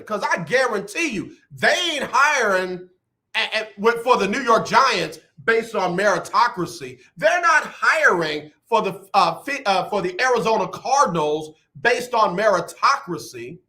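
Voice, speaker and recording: A middle-aged man hosting a radio talk show, animated and rambling with playful drama. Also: sits high, unhurried. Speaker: radio host. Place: radio studio.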